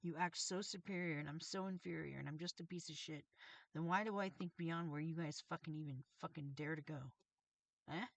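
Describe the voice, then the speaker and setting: A woman's voice: low-pitched, brisk, no echo. A woman reading tarot on a livestream, channeling messages in an agitated, profane, confrontational rant. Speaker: tarot reader and streamer.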